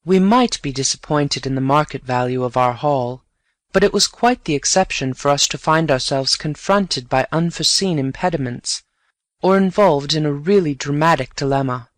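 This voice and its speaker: Guy reading a story aloud, calm measured pace, slightly high voice, super dry recording. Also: dry recording. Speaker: audiobook narrator. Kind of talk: scripted story narration for learners.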